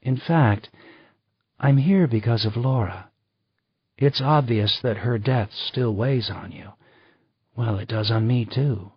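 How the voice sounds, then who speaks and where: A man's voice: medium pitch, takes it slowly, pauses often, slightly rough, dry recording. A man voicing a poised, chatty female travel writer in an audiobook reading. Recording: slightly dull dry recording.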